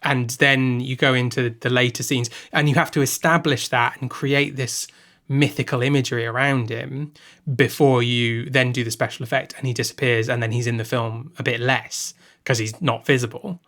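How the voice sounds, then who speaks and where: A man's voice: medium pitch, fairly even intonation, normal speed, a bit bright. A man co-hosting a podcast, chatting casually about classic films and often restarting his sentences as he thinks aloud. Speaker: podcast co-host. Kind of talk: casual film discussion.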